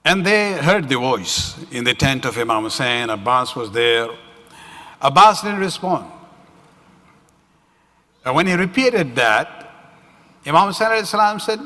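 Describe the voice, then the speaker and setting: Bright-voiced man lecturing in a hall. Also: mid-range voice, sing-song, a little slow, long pauses. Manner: storytelling, frequent "you know" and "uh" fillers. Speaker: religious speaker. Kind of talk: religious lecture. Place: community center hall. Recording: reverberant hall.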